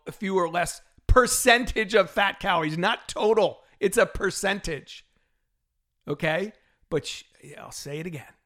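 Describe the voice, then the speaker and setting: A middle-aged man hosting a solo fitness podcast, talking in an animated, exasperated rant with frequent laughs. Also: sits high. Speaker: podcast host and fitness trainer.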